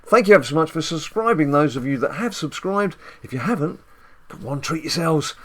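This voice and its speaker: A middle-aged man hosting a casual gaming video with his son, joking and teasing in lively banter. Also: on the high side, fairly quick. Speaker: gaming channel host, dad.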